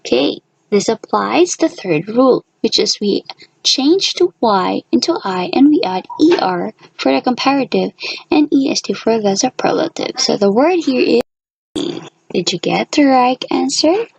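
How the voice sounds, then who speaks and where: A woman from the Philippines with a Filipino accent, teaching a grammar lesson in a slow, deliberate way and spelling out letters. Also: a little high, lively intonation, gravelly, husky, no echo, low-quality recording.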